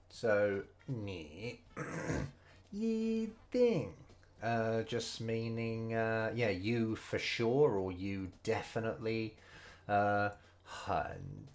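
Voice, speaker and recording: A man's voice: on the low side, animated, vocal fry. A man casually thinking aloud as he studies Mandarin over gameplay, hesitant and full of fillers. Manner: slow, unhurried delivery. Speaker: streamer learning Mandarin. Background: faint game music.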